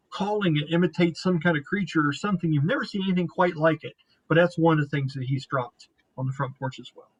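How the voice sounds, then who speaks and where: This man narrates a tabletop game as its game master. His voice is fairly high for a man. He talks in a casual, rambling way with some swearing. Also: rough recording.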